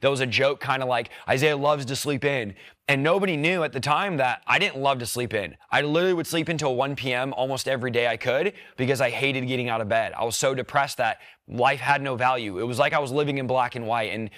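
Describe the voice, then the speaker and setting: A young man tells his personal testimony in an earnest, emotional way, often quoting what he thought at the time. His voice sits in a middle pitch. The sound is dry and close, with no room around it. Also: fast, few pauses, fairly bright tone, no room sound. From rural background. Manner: earnest, emotional retelling with quoted inner thoughts. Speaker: guest sharing a testimony.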